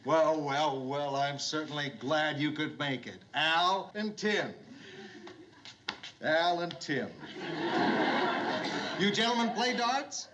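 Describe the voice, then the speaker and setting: An actor playing a gruff middle-aged bar owner who awkwardly tries to be jovial, in a 1970s sitcom. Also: male voice, fairly high pitch, slow, long pauses. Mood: forced cheer. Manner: loud, awkwardly jovial greeter. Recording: noisy old TV soundtrack. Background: sitcom laugh track.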